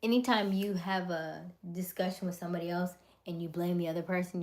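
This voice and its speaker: Soft-spoken woman hosting a live chat. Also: on the low side, fairly even intonation, brisk. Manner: gentle, encouraging life-coach advice; greets viewers and reads comments aloud. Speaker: live-stream host. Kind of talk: live-stream chat with viewers.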